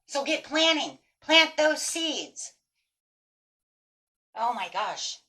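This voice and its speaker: Woman tarot reader, higher voice, animated and emphatic casual talk to the camera. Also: drawn-out words. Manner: animated, emphatic, swears casually, talks straight to viewers. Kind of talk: casual tarot reading monologue.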